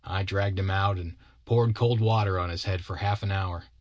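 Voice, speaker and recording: Brief: male storyteller, low voice, dry close sound, wry mock-grand reading. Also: fairly even intonation, moderate pace, no room sound, dull audio. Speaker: narrator.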